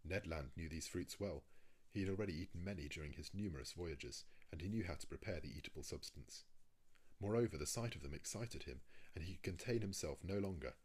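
Deep husky male narrator. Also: lively intonation, brisk, darkish tone. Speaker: audiobook reader. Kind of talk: scripted narration of a classic novel.

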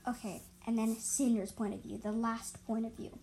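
A woman's voice: on the high side, little pitch movement, moderate pace, mellow, a little hiss or hum, rough recording. A woman telling an improvised story about animals, hesitant and full of fillers and self-corrections.

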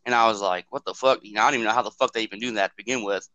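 A man's voice: fairly low pitch, fairly even intonation, rapid-fire, bright, forceful tone, no room sound, dull audio. A man co-hosting a podcast, telling a story in casual, profane, rambling talk and acting out what people said. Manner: profane, rambling, acts out quotes. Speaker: podcast co-host.

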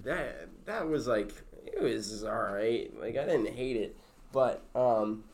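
A young man in relaxed podcast chat, rambling through anecdotes with many "like"s. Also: medium pitch, slow pace, a little hiss or hum. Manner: rambling, full of fillers and restarts. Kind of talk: casual chat.

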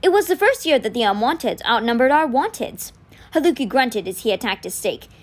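A woman's voice: a little high, brisk. A woman reading a novel aloud for a podcast, telling the story expressively. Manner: expressive storytelling with quoted lines read in. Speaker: podcast book reader.

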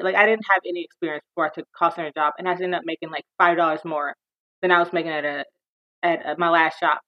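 A woman's voice: lowish voice, a little fast. Chatty woman in her thirties, lo-fi. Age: 30s. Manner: chatty, animated, breaks into a bright phone voice. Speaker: podcast co-host. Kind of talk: casual chat. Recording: slightly dull lo-fi sound.

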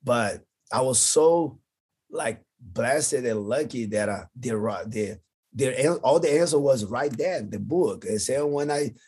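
Man, husky breathy voice, halting english, podcast guest storytelling. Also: mid-range voice, animated, darkish tone. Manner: halting, non-native phrasing, frequent restarts. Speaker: guest, jiu-jitsu champion.

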